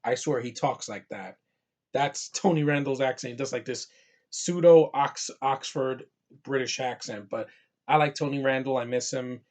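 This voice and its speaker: A man's voice: mid-range voice, moderate pace. A man from New York giving a casual, rambling movie review, full of fillers and restarts.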